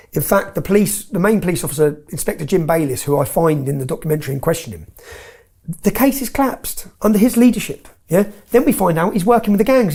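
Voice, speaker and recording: An Englishman with a high-sitting, darkish voice and some vocal fry tells stories emphatically as an interview guest. His delivery turns heated, and he often caps his points with "yeah?"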